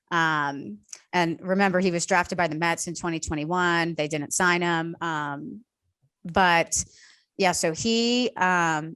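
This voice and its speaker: A woman hosting a casual sports talk show, relaxed and conversational with easy fillers. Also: lowish voice, no room sound, studio quality. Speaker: host. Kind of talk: casual chat.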